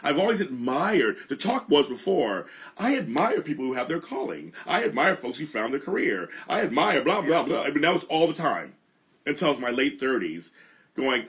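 A man's voice: a little high, very animated, normal speed, fairly bright tone. A middle-aged man from Los Angeles hosting, telling his own story in an earnest, reflective way that often repeats and restarts phrases. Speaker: host. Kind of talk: candid conversational storytelling.

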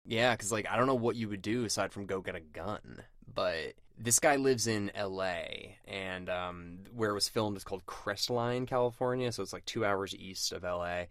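Animated man in a dry room. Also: lowish voice, normal speed, few pauses, no echo. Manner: animated, laughing, slangy. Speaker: podcast co-host. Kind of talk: casual film discussion.

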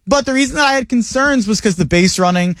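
A man's voice: extremely high pitch, expressive, fast, a bit bright, dry recording. A man hosting a casual sports talk radio show from a studio, rambling and repeating himself as he makes his points.

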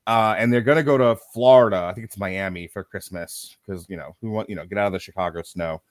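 A man's voice: fairly low pitch, fast talker, no room sound, studio quality. A man co-hosting a podcast and recapping a movie in a casual, sardonic, profane way. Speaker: podcast co-host. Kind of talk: casual comedic movie review.

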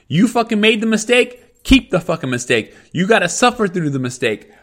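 High-pitched, ranting angry man. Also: expressive, normal speed. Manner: angry, profane, shouting rant. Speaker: podcast host. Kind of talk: profane comedic rant.

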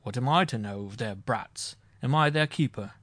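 A man reads aloud while voicing an arrogant, hot-tempered noble marshal on trial who blusters loudly and indignantly, in a lightly acted performance. His mid-range voice moves at normal speed, and the recording is dry.

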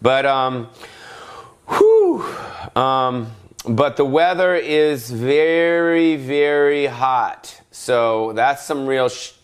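Rambling man ranting, swearing, yelling. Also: mid-range voice, slow pace, clear, resonant tone. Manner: rambling, profane, self-interrupting, bursts of yelling. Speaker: podcast host. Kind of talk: solo comedic rant.

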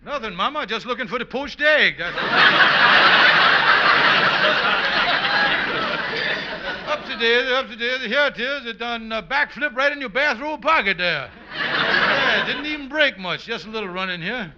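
An actor playing a scheming, boastful husband in a 1950s radio sitcom, with a blustery, wheedling comic delivery on an old, dull radio recording. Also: male voice, extremely high pitch, lively intonation, takes it slowly, pauses often, a loud crowd, very noisy, exaggerated voice. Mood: flustered. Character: scheming boastful husband, middle-aged man.

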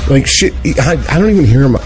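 A man from the Detroit area co-hosting a podcast, excitable and profane, tripping over his words. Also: medium pitch, quick pace, faint music behind. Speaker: podcast co-host. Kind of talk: casual chat.

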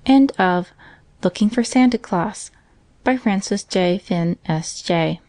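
A woman narrating a classic children's Christmas story in a calm, measured way. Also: medium pitch, no room sound. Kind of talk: scripted narration.

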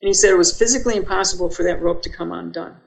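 A woman's voice: on the low side, rapid-fire, gravelly, low-quality recording. An older woman, a podcast guest, telling a personal story vividly and acting out her own thoughts as she goes.

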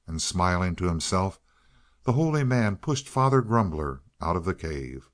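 A man reading a fairy tale aloud in a measured, expressive way. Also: sits low. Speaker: audiobook reader.

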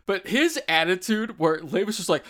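Young male co-host, bright higher voice, very expressive, excitable. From Pennsylvania, US. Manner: enthusiastic, animated, quick to laugh. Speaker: podcast co-host. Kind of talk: casual chat recapping a TV episode.

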